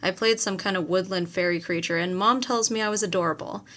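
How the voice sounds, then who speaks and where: A woman's voice: lowish voice, brisk. A woman narrating a first-person novel as an audiobook, telling it expressively. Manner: expressive storytelling with acted quotes.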